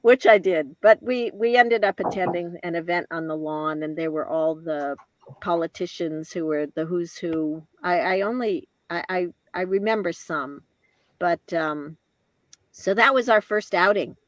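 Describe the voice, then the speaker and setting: A woman in her later years, a guest telling a personal story in an interview, reflective and halting, with restarts and soft laughs. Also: on the low side, no echo.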